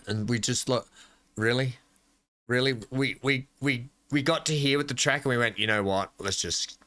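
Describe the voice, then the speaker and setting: A man's voice: medium pitch, a bit bright. An Australian man hosting a casual gameplay commentary, chatty and jokey, talking to himself as he plays. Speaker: gaming channel host.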